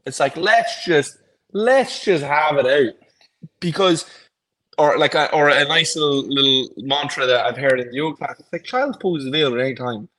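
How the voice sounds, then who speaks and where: A man's voice: on the high side, moderate pace, a bit bright, rough recording. A man co-hosting a podcast in casual chat, encouraging and thinking aloud as he talks. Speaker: podcast co-host.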